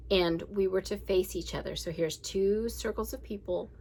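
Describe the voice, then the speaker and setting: Gravelly-voiced woman in her forties. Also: mid-range voice, normal speed, a little mellow, low-quality recording. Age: 40s. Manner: candid, rambling, laughs and swears. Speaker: podcast host reading a daily book. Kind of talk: casual reflective reading and chat.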